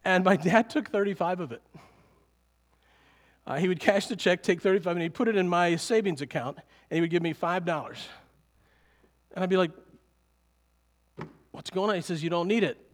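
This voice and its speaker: A middle-aged man preaching a sermon to a congregation, lively and animated, often chuckling. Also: high voice, brisk, pauses often. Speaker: pastor.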